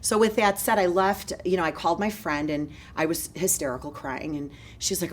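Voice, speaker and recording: A low-pitched woman in her forties runs her own real estate company and tells her story in an interview. She is energetic and moves quickly from one thread to the next. A faint hum sits in the background. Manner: energetic, fast-moving storyteller.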